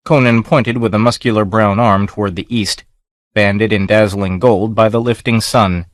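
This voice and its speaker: A male audiobook narrator with a lowish voice, reading in a steady, measured way. The sound is dry and close, with no room around it. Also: no echo. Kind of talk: scripted narration.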